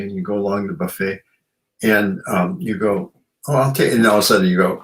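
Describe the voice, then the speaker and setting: Very deep-voiced man, rambling and reflective. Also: fairly even intonation, fairly quick, rough recording. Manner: rambling, reflective, with frequent "you know". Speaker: radio show host. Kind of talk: casual chat.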